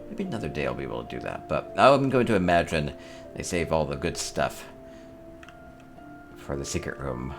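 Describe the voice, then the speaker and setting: A man hosting a casual tour of player homes in a game, chatting upbeat and thinking aloud with small chuckles. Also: low-pitched. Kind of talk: casual gameplay commentary.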